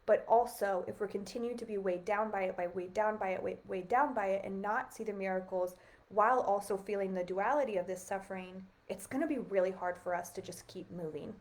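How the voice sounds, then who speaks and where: A woman with a medium-pitched voice speaks a little fast as she hosts a reflective spiritual livestream. She talks earnestly yet casually, musing aloud with lots of "like" and small laughs.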